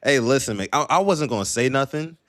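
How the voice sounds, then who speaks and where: A man's voice: mid-range voice, lively intonation, brisk, fairly bright tone, dry recording. A man hosting a sports podcast, talking conversationally as he steers the discussion. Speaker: podcast host.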